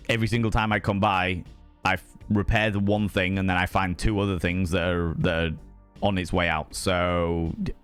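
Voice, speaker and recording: A young man with a British accent rambles to his stream chat, animated and a little sweary. His voice sits on the low side, with faint music playing in the background. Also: clear, resonant tone. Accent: British English. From United Kingdom. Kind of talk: casual chat with chat while gaming.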